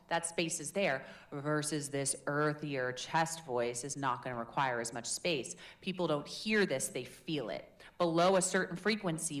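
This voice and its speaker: A woman leading a live public speaking workshop in a chatty, demonstrative, encouraging way. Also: deep voice. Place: meetup room in a tech hub.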